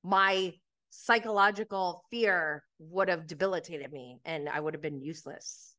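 In an unhurried, pushed, bright, lowish voice, this woman hosts a podcast recapping reality TV. The chat is casual and animated, full of laughter and the word "like."

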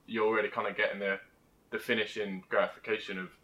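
Young male co-host, low bright tone, example-driven casual talk. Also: little pitch movement, fast talker, low-quality recording. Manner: explains with examples and acted quotes. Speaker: podcast co-host. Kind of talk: casual chat.

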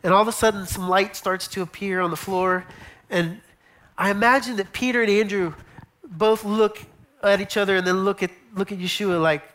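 A woman's voice: mid-range voice, normal speed, a bit bright. Woman preaching with acted-out asides. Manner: storytelling, acting out scenes with whispered asides; repeats words and restarts phrases. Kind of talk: sermon.

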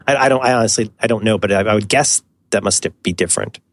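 A man's voice: on the low side, fast, slight background noise. A man co-hosting a podcast, thinking aloud and hedging his points in casual chat. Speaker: podcast co-host.

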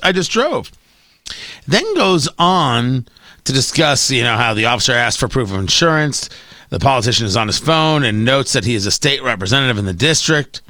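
A man's voice: medium pitch, sharp tone, no room sound. A middle-aged man hosting a talk radio show, delivering an opinionated monologue in a sarcastic, combative way.

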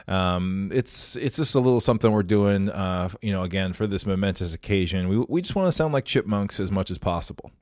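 A low-pitched man hosts a casual podcast chat, pausing often on fillers and restarting his sentences. His voice sits deep, and the recording is dry and close with no room sound. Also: animated, darkish tone, no echo. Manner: halting, many fillers and restarts. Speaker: podcast host.

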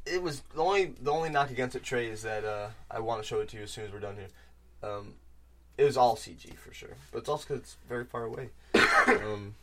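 A man's voice: on the low side, brisk, sharp tone. A young man hosting a casual gaming podcast, talking animatedly with lots of fillers and some swearing. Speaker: podcast host.

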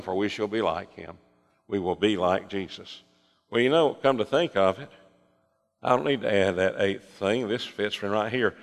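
An older man preaching a sermon, folksy with joking asides, swinging from impassioned fervor to hushed, quiet passages. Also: fairly low pitch, big-room sound.

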